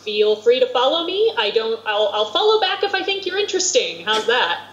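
A woman's voice: on the high side, sing-song, a little fast, fairly bright tone, a little hiss or hum. Chatty woman on a dull, roomy line. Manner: chatty, wry, filler-heavy. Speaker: podcast guest, writer. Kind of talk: casual podcast chat.

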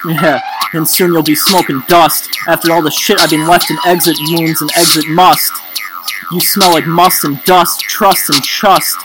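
A man delivering an angry, profane freestyle rap, half-rapped and half-sung, drifting into low mumbling. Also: fairly even intonation, a little slow, over music. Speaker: amateur rapper. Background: loud backing beat.

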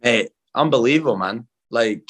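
A man's voice: medium pitch, expressive, normal speed. A young Scottish man, a footballer, chatting casually in an interview, rambling and laid-back, calling everyone mate. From Scotland.

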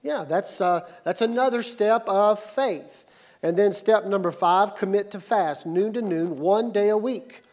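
A male pastor preaching a sermon in a church, moving from calm teaching to shouted, energetic call-and-response. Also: high-pitched, measured pace. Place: church sanctuary.

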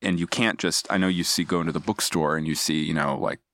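A man's voice: deep voice, fairly even intonation, fast, a bit bright, dry recording, studio quality. A man speaking as a podcast guest, explaining ideas in a thoughtful, digressive way with frequent restarts. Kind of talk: casual analytical discussion.

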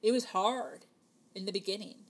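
A woman's voice: mid-range voice, normal speed. Chatty woman in her thirties. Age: 30s. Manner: chatty, many fillers, acts out dialogue. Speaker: vlogger telling a personal story. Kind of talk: casual storytelling to camera.

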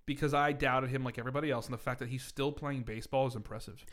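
A man's voice: mid-range voice, steady tone, quick pace, a bit bright. A man co-hosting a casual podcast, joking and swearing freely and laughing often as he talks about baseball. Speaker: podcast co-host.

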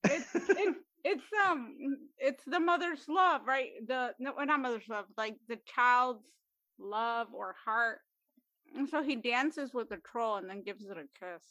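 A woman's voice: fairly high pitch, unhurried, a bit bright, no room sound. A woman co-hosting a podcast, hesitantly searching for words as she recalls a movie. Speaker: podcast co-host. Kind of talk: casual movie chat.

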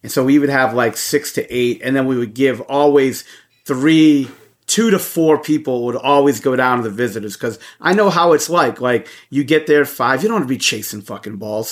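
Guy swearing a lot telling a story on a podcast, loose and animated, regular pitch. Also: brisk. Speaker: podcast co-host. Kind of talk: casual storytelling chat.

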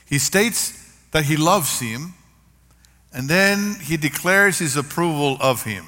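Older male pastor, bright and forceful, preaching in a reverberant hall. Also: a little high, expressive, moderate pace. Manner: earnest, varied emphasis, storytelling. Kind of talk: sermon. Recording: long reverb of a large hall.

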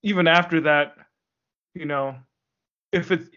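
A man's voice: on the high side, measured pace, sharp tone, dull audio. A man hosting a podcast in casual chat, easygoing and earnest. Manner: easygoing, earnest, signs off the show. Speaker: podcast host.

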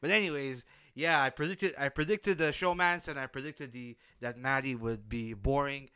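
Man, podcast host, opinionated, unsympathetic, clear smooth voice, dry close sound. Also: medium pitch, moderate pace, bright, forceful tone, no room sound. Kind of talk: casual reality-show recap commentary.

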